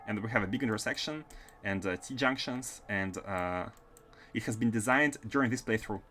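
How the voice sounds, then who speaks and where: A man's voice: lowish voice, normal speed, pushed and bright. A man from France with an accent mixing French and Russian, thinking aloud as he streams gameplay and chats with viewers. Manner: thinks aloud while planning builds and answering chat. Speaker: game streamer. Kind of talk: live gameplay commentary.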